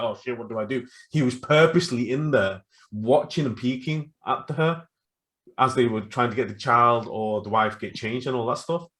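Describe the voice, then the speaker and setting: A man co-hosting a casual podcast, retelling stories with lively acted-out quotes. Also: mid-range voice. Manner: animated storytelling, acts out quotes. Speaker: podcast co-host. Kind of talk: casual chat.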